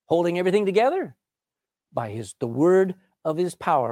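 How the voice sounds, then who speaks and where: A man preaches with animated, emphatic delivery, moving between scripture reading and explanation. His pitch swoops widely. He clears his throat often, and the recording is dry and close. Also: normal speed, dry recording. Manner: animated, emphatic, reads old-style scripture then explains.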